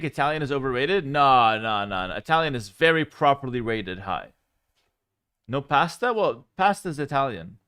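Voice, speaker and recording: A man streaming live, chatting casually with viewers in a relaxed, rambling way, with fillers. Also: medium pitch, smooth, dry recording, studio quality. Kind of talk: casual livestream chat.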